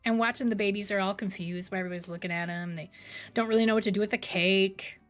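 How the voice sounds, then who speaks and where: A woman in her thirties, a streamer chatting casually with her live chat, rambling between bright greetings and quiet low asides. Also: fairly even intonation, fast, faint music behind.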